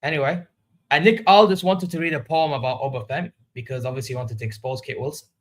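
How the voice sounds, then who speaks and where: The host of a wrestling reaction vlog, a man, delivers candid and opinionated commentary that rambles. His medium-pitched voice stays steady in tone at a quick pace.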